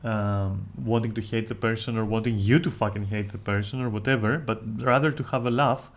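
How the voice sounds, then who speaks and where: A man's voice: fairly low pitch, fairly even intonation, a little fast. Man rambling candidly on stream. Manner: candid, profane, frequent self-restarts. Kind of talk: casual rambling stream chat.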